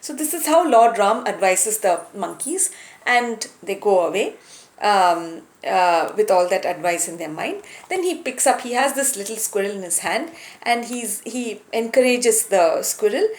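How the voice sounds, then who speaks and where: A woman telling a moral story as a lesson, in a warm, unhurried way with some hesitation, recorded in a room with a roomy echo. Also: mid-range voice. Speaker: storyteller, teacher.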